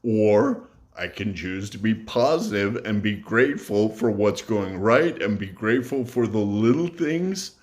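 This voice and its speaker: A man's voice: on the low side, lively intonation, a little slow. Earnest man vlogging to camera. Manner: earnest, reflective, with fillers and self-corrections. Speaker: YouTube vlogger. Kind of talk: casual talk to camera.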